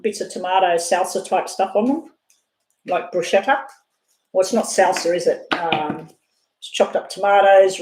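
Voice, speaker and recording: A woman doing a live tarot reading, talking fast and rambling off on side chats. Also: lowish voice, a little mellow, a little hiss or hum. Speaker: tarot reader. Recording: echoey room.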